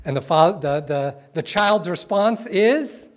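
A man delivers a sermon to a congregation in a church. He tells stories in an easy, conversational way, then slows right down to stress his key words. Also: high voice, lively intonation. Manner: conversational, playful storytelling with sudden slow emphatic phrases. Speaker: pastor.

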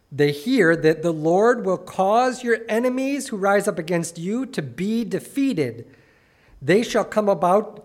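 A man's voice: a little high, darkish tone. A man preaching a sermon, reading scripture with feeling and breaking into conversational asides. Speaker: pastor.

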